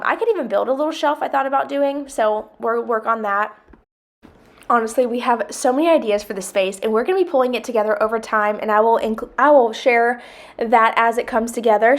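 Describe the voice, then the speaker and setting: A woman, chatting casually in a home vlog, rambling with lots of fillers. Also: a little high. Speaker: vlogger.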